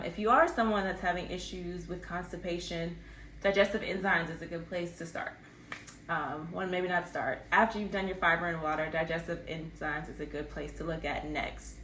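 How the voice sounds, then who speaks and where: A woman's voice: on the low side, fairly bright tone, a little hiss or hum. Chatty, playful young woman in a roomy space. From not from Texas. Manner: chatty and playful, jokes and laughs at herself, many ums. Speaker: wellness channel host. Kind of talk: casual health-tips vlog.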